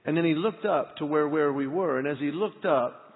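Middle-aged pastor telling stories, tinny hall echo. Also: male voice, on the high side, normal speed. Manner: animated, acts out dialogue in the story. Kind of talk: storytelling sermon. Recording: tinny lo-fi audio with long hall reverb.

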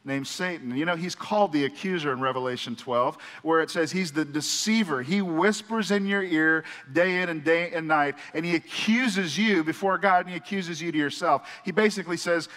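A man's voice: on the high side, normal speed, hardly any pauses, a bit bright. Earnest male pastor in a reverberant church. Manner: earnest, conversational storytelling. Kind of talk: sermon. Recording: church hall with long reverb.

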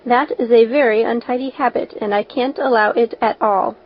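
Stern stiff spinster, admonishing, read by a woman, fairly high voice, dull lo-fi sound. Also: steady tone, normal speed, close to an everyday voice. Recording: dull lo-fi recording.

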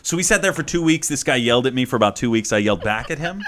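A man hosting a podcast, telling a personal story in an animated, emphatic way and laughing easily. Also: medium pitch, racing, a little hiss or hum. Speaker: podcast host. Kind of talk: casual storytelling chat.

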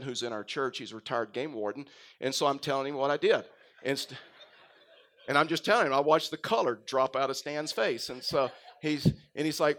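A middle-aged man from Texas, a pastor preaching a sermon with a faint Texan accent, telling stories and swinging between loud emphasis and quiet asides. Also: mid-range voice. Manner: storytelling, rises and drops in volume for emphasis.

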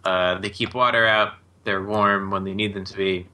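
A man's voice: sits low, fairly even intonation, moderate pace, bright, forceful tone. A man co-hosting a podcast, telling stories casually with lots of "like" fillers. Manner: casual, filler-heavy storytelling. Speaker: podcast co-host.

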